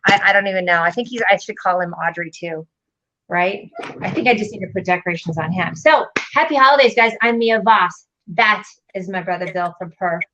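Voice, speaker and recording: A woman hosting a casual video-call livestream from her home office, bubbly and affectionate with quick asides. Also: mid-range voice, a bit bright, lo-fi sound. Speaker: host.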